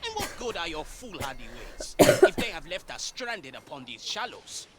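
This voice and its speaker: An actor playing a scornful, menacing pirate captain in a game, theatrical and contemptuous. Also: male voice, wildly swooping pitch, moderate pace. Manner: theatrical, contemptuous, booming insults.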